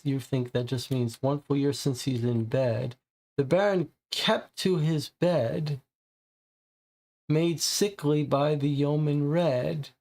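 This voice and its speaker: A man's voice: fairly high pitch, vocal fry, darkish tone. A man playing a co-op mystery game, casually talking through the clues and sounding puzzled and frustrated. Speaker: co-op game player. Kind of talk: casual live-play chat.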